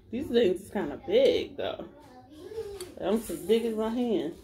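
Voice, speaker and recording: Medium-pitched, this woman films a mukbang eating vlog at home, chatting casually with viewers she addresses as "y'all" while smacking and humming over her food. The recording is noisy, with a baby crying and household sounds behind her.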